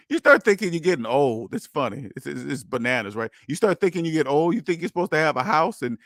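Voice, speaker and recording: A man in his thirties talks casually as the host, his voice a little high. He is animated, laughs often and slips into mock voices between rhetorical questions. The sound is dry and close. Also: dry recording. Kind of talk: casual monologue.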